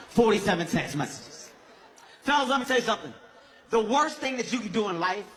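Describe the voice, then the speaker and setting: High-voiced man lecturing a comedy crowd. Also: a bit bright. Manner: preachy, lecturing the audience directly. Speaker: stand-up comedian. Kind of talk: stand-up routine. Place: comedy club stage. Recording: live room with crowd noise. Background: audience laughing.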